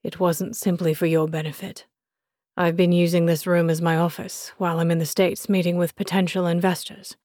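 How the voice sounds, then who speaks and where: A woman voicing an arrogant British businessman in an audiobook, speaking low, quiet and pompous, with a stern edge. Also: flat delivery, normal speed, no room sound, studio quality, close to an everyday voice. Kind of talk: audiobook character voice.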